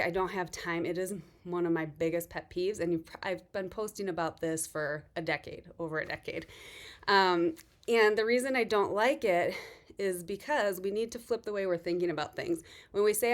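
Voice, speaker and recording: A fitness coach in middle age talks straight to her listeners, a touch out of breath from a workout. She is earnest and reassuring and slips into lively quoted voices. Her voice sits at an ordinary pitch for a woman. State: a little out of breath after a workout. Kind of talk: casual motivational talk to camera.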